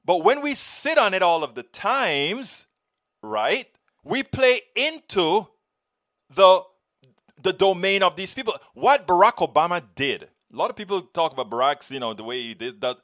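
A man's voice: high voice, sing-song, moderate pace, a bit bright. A man speaking as an author in a heated discussion, making points emphatically, repeating himself and telling anecdotes. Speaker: author and guest. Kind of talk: impassioned discussion.

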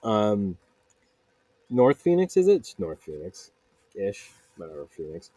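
A man's voice: fairly low pitch, huge pitch swings, measured pace, dark tone, dry recording. A man hosting a solo podcast, rambling and joking about himself in a casual monologue. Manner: digressive, self-mocking, quotes people in put-on voices. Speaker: podcast host. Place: makeshift home vocal booth.

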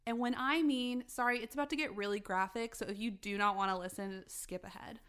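A young woman on a podcast telling a story in casual chat, animated, swearing freely and laughing as she goes. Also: medium pitch, a little fast, clean tone. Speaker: podcast co-host.

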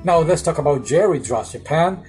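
A podcast co-host chatting casually at a middling pitch, loose and rambling with small slips in grammar. Quiet guitar music plays underneath. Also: lively intonation, moderate pace, poor audio. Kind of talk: casual chat. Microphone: phone nearby on desk.

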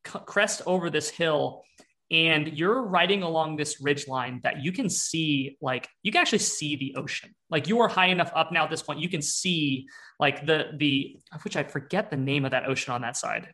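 Young guy narrating an rpg scene, lots of likes and ums, bright voice. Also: on the high side, moderate pace. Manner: rambling, many fillers and restarts. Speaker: game master. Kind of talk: narrating a tabletop game.

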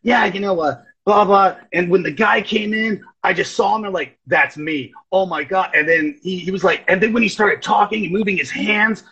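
Husky high-voiced man telling stories. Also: normal speed, hardly any pauses, highs cut off. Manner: rambling storyteller, animated quotes. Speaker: guest. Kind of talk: casual chat.

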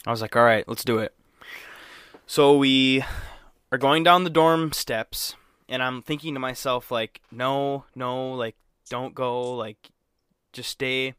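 Young male podcast co-host, animated storyteller, mid-pitched, dry close mic. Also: slow pace, smooth, no echo. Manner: animated, acts out quotes, swears freely. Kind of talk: casual storytelling chat.

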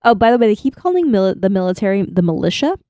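A woman's voice: medium pitch, big pitch swings, very fast, dark tone, dry recording, clean studio sound. A woman co-hosting a podcast, chatting casually and laughing as she reads out her notes. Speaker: podcast co-host. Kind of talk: casual chat recapping an anime.

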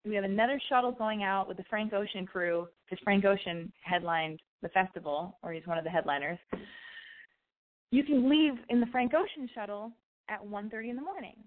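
A woman's voice: mid-range voice, brisk, phone-quality sound. Rambling woman telling a story, phone-thin sound. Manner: rambling, self-correcting, swears freely. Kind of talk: casual storytelling monologue.

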